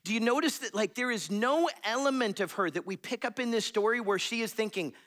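A man preaching a sermon in a conversational, animated way, reading scripture and talking it through with frequent laughs. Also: extremely high pitch, brisk, hardly any pauses. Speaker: pastor.

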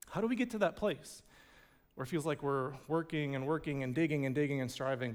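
A man with a high, smooth, resonant voice tells a personal story from the pulpit, loose and funny, sprinkling in "like" as he goes. His words ring out with the long reverb of a big church hall. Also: a little fast. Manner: casual, humorous storytelling with many "like" fillers. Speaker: pastor. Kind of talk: storytelling sermon. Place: church sanctuary.

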